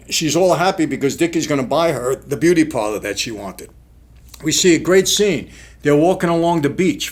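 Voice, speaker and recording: A man giving an indignant, casual commentary on a film, firing off rhetorical questions. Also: fairly high pitch. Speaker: film reviewer, former mob figure.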